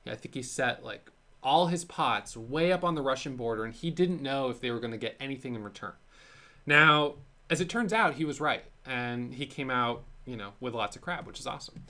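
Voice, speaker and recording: A man of average pitch talks straight to his audience as the host of a trading show. He is candid and self-critical and drifts through fillers and restarts as he recounts his own mistakes. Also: normal speed, bright, forceful tone. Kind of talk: casual solo talk to camera.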